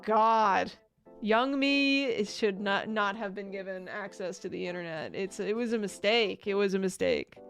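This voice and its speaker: Chatting loosely with her viewers, this woman streamer wanders from topic to topic, mocks herself, and often dissolves into laughter. Her pitch is medium.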